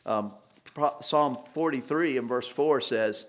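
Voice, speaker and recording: A man delivers an expository sermon in a mid-pitched voice. He is earnest and lifts his voice to stress key points, with an occasional restart. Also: takes it slowly. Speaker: preacher.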